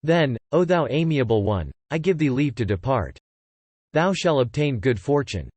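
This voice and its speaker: A man reading the part of a wise old teacher who explains things calmly in archaic speech. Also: mid-range voice, moderate pace, husky, no echo. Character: wise old male preceptor, calm teacher.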